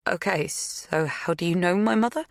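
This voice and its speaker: A woman's voice: on the low side, moderate pace, no echo, clean studio sound, voice pushed up, lightly acted. A woman voicing a shaken, wary young woman.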